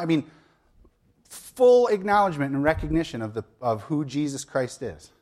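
A man's voice: a little high, big pitch swings, moderate pace, long pauses, darkish tone. A man preaching a sermon as a pastor, retelling a story in a conversational way with asides and light humor.

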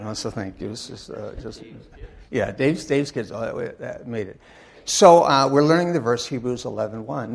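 An older man giving a sermon in a church, telling wry stories in a halting way full of uh and restarts. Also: medium pitch, animated, gravelly, husky. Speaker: guest speaker and Bible teacher. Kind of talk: anecdotal sermon talk.

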